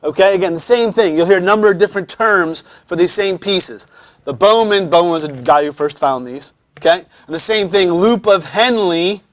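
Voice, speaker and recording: Chatty high-voiced male teacher. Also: dry recording. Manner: conversational, repeats words, frequent pauses to explain. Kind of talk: classroom lecture. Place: classroom.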